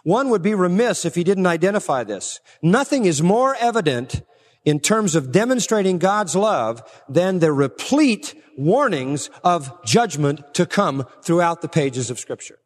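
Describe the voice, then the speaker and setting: A man preaching a sermon emphatically, pressing some words hard and dropping low and slow on others. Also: sing-song. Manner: emphatic, swings between raised stresses and low, slow drops. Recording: long reverb of a large hall.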